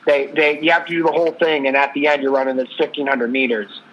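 A man's voice: a little high, level tone, fast, a bit bright, slight background noise, poor audio. A man co-hosting a casual sports talk show, telling a sports story in a loose, rambling way. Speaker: podcast co-host.

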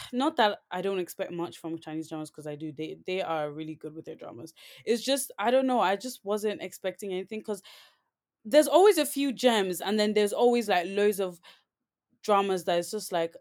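A woman's voice: mid-range voice, a little mellow. A woman co-hosting a podcast, chatting casually and rambling, with many "like"s and restarts. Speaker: podcast co-host. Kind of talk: casual chat.

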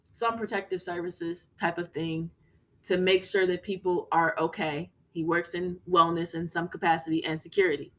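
Woman podcaster telling her own story, earnest, keeps repeating stuff for emphasis, lowish voice. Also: a bit bright. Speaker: podcast host. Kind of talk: personal storytelling monologue.

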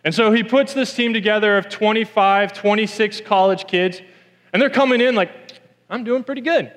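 A man's voice: high voice, moderate pace, fairly bright tone, in a large hall. A man preaching a sermon in a church, telling a story and repeating key lines for emphasis.

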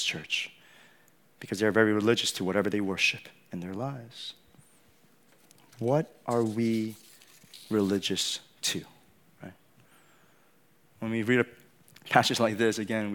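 Chatty preaching pastor, man, fairly high voice. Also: fairly bright tone. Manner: chatty, keeps checking in with "right?" and "you know". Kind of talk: conversational sermon.

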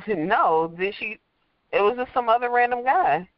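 A man's voice: sits high, expressive, no echo. Joking man on dry, muffled audio. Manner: joking, agreeable, quick replies. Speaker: podcast co-host. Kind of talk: casual political chat.

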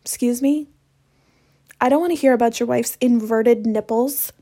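A woman's voice: a little high, normal speed, warm tone. A young woman telling stories in a casual monologue, swearing freely and sarcastic in a ranting way. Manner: profane, sarcastic, rant-like.

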